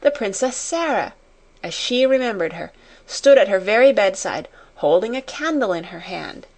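A woman narrating an audiobook chapter in a measured, unhurried reading. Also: medium pitch, lively intonation, darkish tone. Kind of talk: scripted storybook narration.

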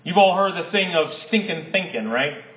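High-voiced man preaching in an echoey hall. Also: moderate pace, muffled recording, a little hiss or hum. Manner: energetic preaching, reads stories aloud, rising to emphatic peaks. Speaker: pastor. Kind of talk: sermon.

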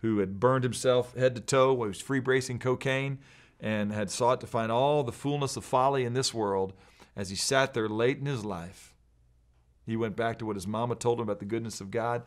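A man's voice: mid-range voice, moderate pace. A man teaching from scripture in an earnest, emphatic way, quoting verses. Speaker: pastor. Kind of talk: preaching bible teaching.

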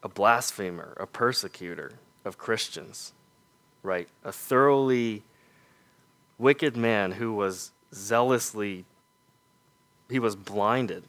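A male preacher speaks in a low voice, moving slowly and deliberately through his sermon and posing rhetorical question after rhetorical question. He is earnest, and when he reaches his key points his voice sinks to a soft, quiet, emphatic low.

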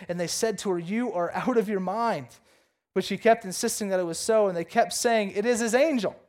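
Animated, high-voiced male preacher. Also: fairly quick. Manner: animated, jokey storytelling with big pitch swings; reads scripture aloud, then riffs casually. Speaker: pastor. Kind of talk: sermon.

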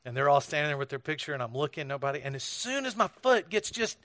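A fast-talking American pastor with a high-leaning voice barely pauses as he preaches, his tone bright and forceful with no echo. He tells stories in his sermon conversationally, frequently starting over mid-sentence.

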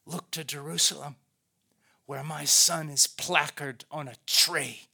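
A preacher voicing God, who speaks in a calm, measured, earnest way. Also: male voice, fairly high pitch, creaky, breathy edge, heavily acted. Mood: solemn.

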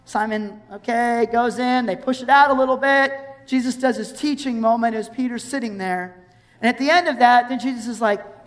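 A woman preaching a sermon in a conversational, animated way, reading verses and acting out scenes. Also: a little high, moderate pace. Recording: long hall reverb.

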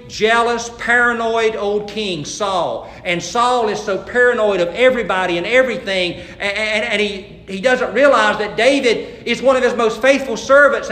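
A man preaches a sermon in a high-pitched voice. He moves between plain storytelling and animated readings of scripture that swell in force. The sound bounces around a roomy, echoing space. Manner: animated, reads scripture aloud with rising force.

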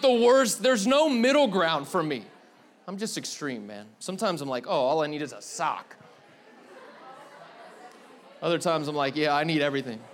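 A high-voiced young man with a drawl preaches in a loose, confessional way. He rambles candidly and fills his talk with "man" and "like". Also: fairly bright tone. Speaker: pastor. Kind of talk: casual confessional sermon. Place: church hall with live audience.

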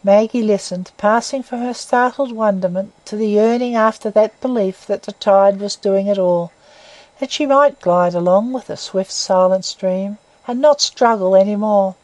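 A woman reading a classic novel aloud as narrator in a measured, even way. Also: mid-range voice, dry recording, poor audio.

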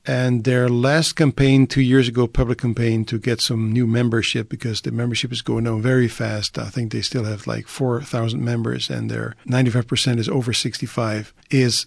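Dutch man explaining, gravelly voice. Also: medium pitch, flat delivery, moderate pace, hardly any pauses, dry recording. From Netherlands. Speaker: guest. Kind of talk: interview conversation.

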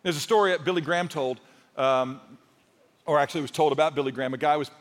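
High-voiced pastor guy preaching, chatty and funny, pushes hard on his points, long echo from a big hall. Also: quick pace. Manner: conversational, storytelling with humor, rises to emphatic. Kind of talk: sermon.

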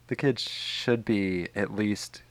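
A man co-hosting a podcast in casual chat, making wry deadpan jokes. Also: on the low side, slow, no room sound. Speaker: podcast co-host.

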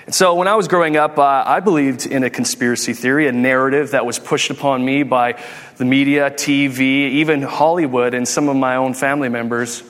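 A man in his thirties delivers a humorous sermon in a brisk, mid-range voice. He's animated, telling jokey stories and acting out quotes. Long hall reverb surrounds the recording.

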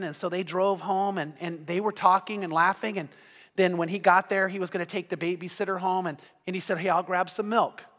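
High-voiced pastor preaching in an echoing hall. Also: male voice, a bit bright. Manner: storytelling, earnest, repeats words when starting sentences. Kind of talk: sermon. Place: church hall. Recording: long hall reverb.

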